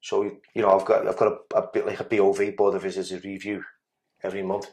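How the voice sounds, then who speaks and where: A man, sitting as a podcast guest and telling his story in a blunt, sweary way. His voice sits a little low. He stumbles and restarts his words as he pushes on through the tale. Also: monotone, fast talker, a little mellow. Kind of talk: casual storytelling interview.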